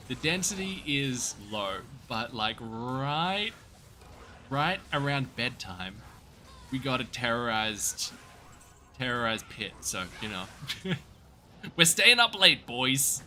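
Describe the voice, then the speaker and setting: A man's voice: medium pitch, bright, forceful tone. An Australian man chatting casually with viewers while livestreaming a game, joking and upbeat. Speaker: streamer. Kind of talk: casual gaming livestream chat.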